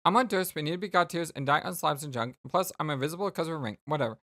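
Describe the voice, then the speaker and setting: A let's play host voicing a bubbly, chatty teenage girl who rambles excitedly, reading game dialogue aloud. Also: medium pitch, rapid-fire, natural voice. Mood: giddy.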